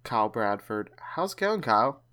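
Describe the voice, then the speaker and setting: A man's voice: medium pitch, sing-song, moderate pace, sharp tone. A man hosting a podcast, chatting casually and often restarting his sentences. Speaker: podcast host.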